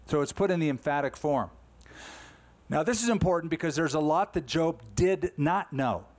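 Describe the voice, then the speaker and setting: A man's voice: fairly high pitch, expressive, normal speed. A man in his sixties, a pastor delivering a conversational, emphatic sermon full of rhetorical questions.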